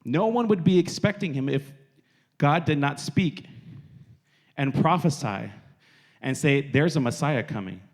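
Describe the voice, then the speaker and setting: A man's voice: on the high side, expressive, a little slow, long pauses. A man giving a casual sermon to young people, talking conversationally and repeating phrases for emphasis. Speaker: youth preacher.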